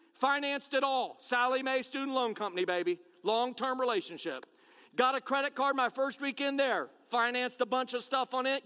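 A man preaching an energetic sermon with rallying calls and self-deprecating jokes. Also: very high voice. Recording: long hall reverb.

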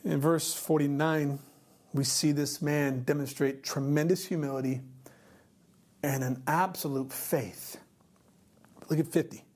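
A pastor preaching a sermon, emphatic, repeating rhetorical questions and slowing down for key points. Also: mid-range voice, fairly even intonation, darkish tone.

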